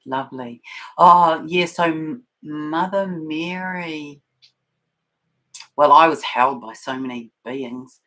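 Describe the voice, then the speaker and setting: A woman hosting a spiritual livestream, talking in a soft, meandering way with many fillers and restarts and reading out viewer comments. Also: extremely low pitch, poor audio. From New Zealand. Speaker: spiritual channel host.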